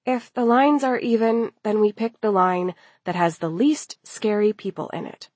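A woman voicing a timid, anxious teenage schoolgirl who answers softly and hesitantly. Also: mid-range voice, fairly even intonation, moderate pace, dry recording, lightly acted. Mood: nervous.

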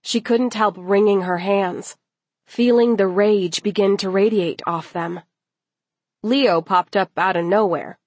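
Woman, story narrator, unhurried, steady, dry close sound. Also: mid-range voice, dry recording. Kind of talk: reading a story aloud.

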